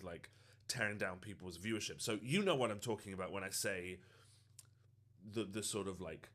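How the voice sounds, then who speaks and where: Sharing a personal story, a male TikTok creator sounds earnest and reflective, leaning on plenty of fillers. His pitch is fairly low and his tone fairly bright.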